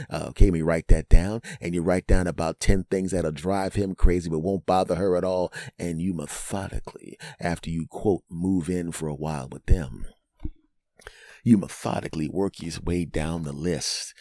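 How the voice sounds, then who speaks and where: A man's voice: low-pitched, steady tone, normal speed, mellow, no room sound, clean studio sound. A man hosting a comedic podcast monologue, rambling through jokey asides and often tossing in a "right?". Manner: rambling, keeps asking "right?". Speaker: podcast host.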